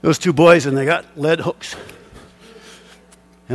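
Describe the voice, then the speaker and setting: A man's voice: a little high, fairly even intonation, takes it slowly, slightly rough. A middle-aged man preaching as a pastor, moving between fervent exhortation and a chuckling personal fishing story. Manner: impassioned preaching with chuckling asides.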